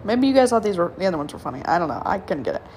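A woman's voice: lowish voice, very animated, very fast, darkish tone, soft background music. A woman hosting a casual solo podcast, reading jokes aloud with frequent giggles and stumbling over the punchlines. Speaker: podcast host.

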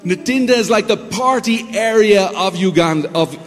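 A man preaching a sermon as pastor, telling stories in an animated way with sound effects and imitations. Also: high voice, moderate pace, big-room sound, faint music behind.

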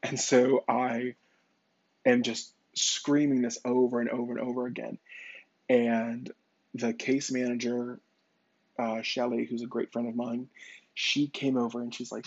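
A man's voice: medium pitch, flat delivery, a little slow, slightly rough, no room sound, dull audio. A man who works as a psychic medium, telling a personal story in a conversational way, with fillers and restarts.

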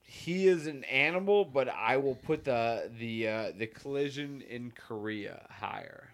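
A man's voice: mid-range voice, animated, unhurried. A man co-hosting a podcast, chatting casually in a laid-back, profane, rambling way. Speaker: podcast co-host. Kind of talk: casual chat.

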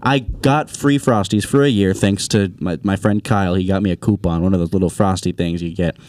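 A young man hosting a casual podcast chat, animated and swearing freely as he tells anecdotes. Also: low voice, fairly quick, no room sound, studio quality. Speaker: podcast host.

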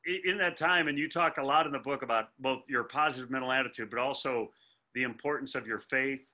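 A man's voice: mid-range voice, a little fast, bright, forceful tone. A man interviewing a guest, chatting casually and asking long winding questions.

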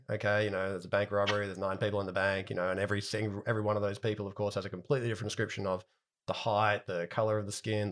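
Fast-talking low-voiced man host. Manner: quick, explanatory, uses everyday analogies. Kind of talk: casual podcast conversation.

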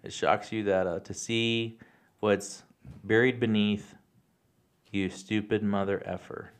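Laid-back, low-voiced podcast co-host guy. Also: fairly even intonation, takes it slowly, smooth. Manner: laid-back, joking, profane. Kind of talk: casual chat.

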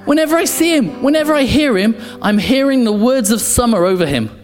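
Male pastor, impassioned sermon, high voice, roomy hall with guitar bed. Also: expressive, fairly quick. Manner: passionate, repeats phrases, drops to quiet intensity. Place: church. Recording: echoey church hall, soft guitar behind.

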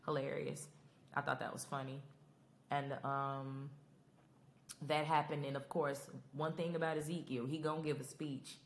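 Young woman host, deep low voice, emphatic and chatty recap talk. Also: level tone, normal speed, slight background noise. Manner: chatty, emphatic, addresses listeners as y'all. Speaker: podcast host. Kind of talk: casual show recap.

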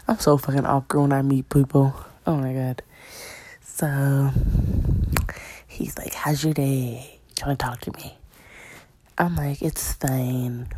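Low, gravelly young woman telling stories. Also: a little mellow, no echo. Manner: slangy, blunt, profane, often whispering. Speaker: storyteller vlogger. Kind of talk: casual storytime chat.

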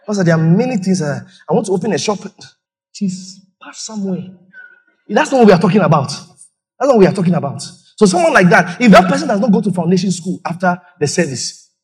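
A man preaching a lively sermon as pastor, acting out church members with sudden high shouts. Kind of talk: lively sermon with acted-out stories.

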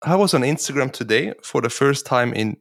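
A man's voice: mid-range voice, lively intonation, brisk, vocal fry, no echo, clean studio sound. A man chatting casually as podcast co-host, searching for words as he talks. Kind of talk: casual chat.

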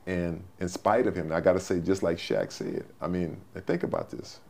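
A man's voice: deep voice, sing-song, normal speed, gravelly, a little mellow. A man in his sixties, a former football player telling folksy stories as an interview guest. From Texas, USA. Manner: folksy, repetitive storyteller. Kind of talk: storytelling interview.

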